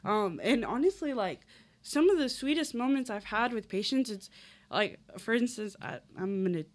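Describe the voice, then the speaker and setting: A woman's voice: a little high, animated, normal speed. Earnest young woman, chatty and filler-heavy. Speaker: guest. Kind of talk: casual conversation.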